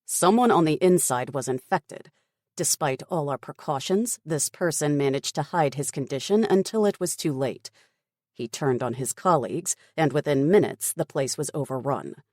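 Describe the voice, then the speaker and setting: Brisk, stubborn middle-aged male officer, voiced by a woman for an audiobook; clipped, dismissive delivery, dry close mic. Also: sits low, lively intonation, a little mellow, dry recording. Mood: grim. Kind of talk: audiobook character voice.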